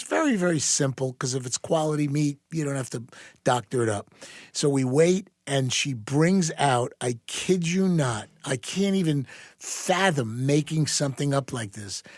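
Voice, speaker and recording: A man's voice: medium pitch, no room sound, studio quality. An older man from New York, a podcast guest who tells stories with a showman's flair and talks straight to the listeners. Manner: theatrical storyteller who addresses listeners. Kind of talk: casual podcast chat.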